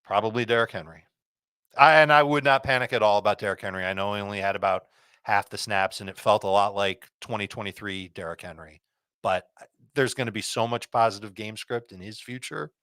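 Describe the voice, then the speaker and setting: A man giving quick, confident fantasy football start and sit advice, rattling off picks one after another. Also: fairly low pitch, fairly bright tone, clean tone, dry recording.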